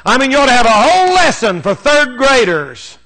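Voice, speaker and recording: A male preacher with a very high, bright and forceful voice. He preaches a fervent, emphatic sermon, driving his points home through repetition. His speech is folksy and plain, and he often rises to shouts. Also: sing-song, a little fast, rough recording.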